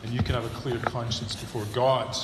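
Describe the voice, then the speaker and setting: A man preaching a sermon, building to emphatic peaks and then dropping low and earnest. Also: little pitch movement, fairly quick. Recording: echoey hall with long reverb, faint room hum.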